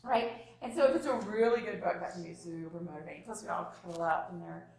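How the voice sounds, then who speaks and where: A woman in her thirties giving a parenting workshop, animated and acting out little scenes of parents and children. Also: fairly low pitch, fast talker. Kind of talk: live workshop talk. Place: room with live audience. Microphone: distant room mic. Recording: echoey room from far off.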